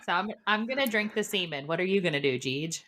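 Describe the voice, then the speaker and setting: A woman co-hosting a podcast in casual chat, blunt and quick to laugh. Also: on the low side, animated, a bit bright. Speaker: podcast co-host.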